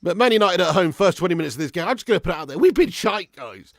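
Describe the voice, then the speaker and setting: A man runs a live football watch-along, calling the play and answering viewers. His voice sits high and carries a gravelly rasp, picked up by a close mic in a dry, dead room. He swears freely and swings from loud outbursts to flat moaning. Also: rapid-fire, no room sound. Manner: swears a lot, swings between excited shouting and flat grumbling. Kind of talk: live match commentary and fan chat.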